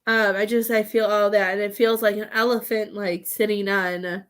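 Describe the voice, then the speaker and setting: A woman giving a live psychic reading, rambling with halting restarts and calling her sitters "love.". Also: medium pitch, little pitch movement, clean tone. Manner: affectionate terms for sitters. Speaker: psychic medium.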